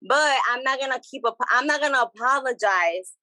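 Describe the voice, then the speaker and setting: Lively bilingual woman, bright voice. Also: high-pitched, fairly quick, no room sound, rough recording. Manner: animated, switches between English and Spanish, repeats phrases. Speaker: podcast guest. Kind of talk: casual chat.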